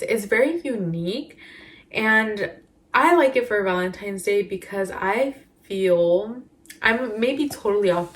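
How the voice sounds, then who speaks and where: A woman talking casually to camera as she reviews perfumes, chatty and rambling with lots of fillers. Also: medium pitch. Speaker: beauty vlogger.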